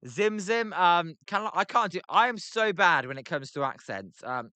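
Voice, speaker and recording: A man's voice: high voice, lively intonation, normal speed, bright, forceful tone, no echo. A British man doing live baseball play-by-play for a stream, chatting with viewers, full of filler ums and self-deprecating asides. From Britain.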